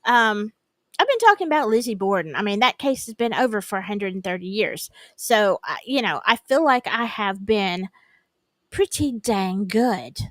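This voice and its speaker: A woman's voice: mid-range voice, animated, moderate pace, no room sound. Southern lady rambling on her livestream, voice bouncing all over, dry close mic. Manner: chatty, rambling, greets viewers by name. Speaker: true-crime livestream host. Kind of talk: casual livestream chat.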